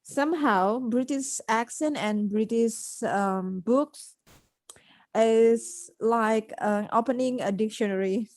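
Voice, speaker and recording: A woman's voice: a little high, slow, a little mellow, dry recording. A woman with an Indonesian accent, an English teacher in a casual podcast conversation, talking thoughtfully and searching for words.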